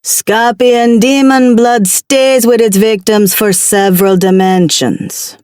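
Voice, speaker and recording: A woman voicing a towering male scorpion demon with a Jamaican accent, a low, dark voice and a slow, taunting manner, in an audiobook. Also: fairly even intonation, no room sound, clean studio sound, faint music behind. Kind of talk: audiobook character voice.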